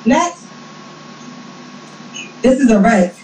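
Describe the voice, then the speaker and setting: A woman arguing on a live stream in a brash, taunting, profane way with quick comebacks. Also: on the high side, lively intonation, dark tone, slight background noise. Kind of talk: heated argument. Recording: echoey and distant with faint ambience.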